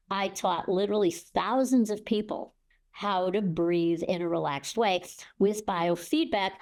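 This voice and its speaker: Older woman, low voice, expert guest explaining breathing with gasping demos. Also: a little mellow. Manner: demonstrates gasps and breathing while explaining. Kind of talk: explanatory interview talk.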